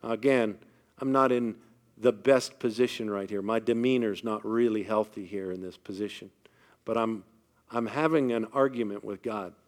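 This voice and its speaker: A man's voice: lowish voice, fairly even intonation, moderate pace. A man giving a faith-based motivational talk to a live audience, speaking emphatically and often putting questions to the crowd.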